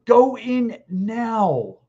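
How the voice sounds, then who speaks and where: A man in his fifties hosting a podcast, talking sports alone and reading out live comments, blunt and excitable, repeating himself, a little hoarse with a dry throat. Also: extremely high pitch, extremely slow. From Philadelphia. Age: 50s. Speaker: podcast host. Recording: dull lo-fi stream audio.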